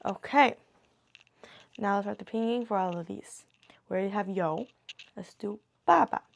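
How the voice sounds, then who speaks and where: A woman teaching a beginner language lesson in a slow, patient way, muttering and correcting herself as she writes. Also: medium pitch, creaky. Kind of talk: casual beginner lesson, writing on board.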